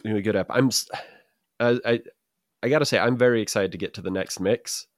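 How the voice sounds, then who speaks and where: A man's voice: lowish voice, a little fast, no echo. A man who grew up in Utah, co-hosting a casual chat show, rambling with repeats and dry jokes. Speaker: podcast co-host.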